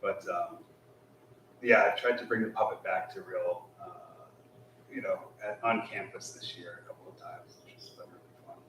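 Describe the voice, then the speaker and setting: Man, brightish low voice, casual halting talk, distant mic, echoey temple hall. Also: steady tone, noisy background. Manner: halting, many fillers and soft laughs. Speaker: guest speaker, schoolteacher.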